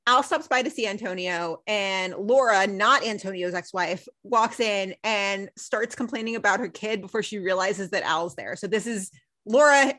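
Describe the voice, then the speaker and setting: A woman recaps a TV episode in casual podcast chat. She rants with emphasis and swears freely. Her voice sits in a mid pitch. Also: moderate pace, pushed and bright. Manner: ranting, emphatic, profane.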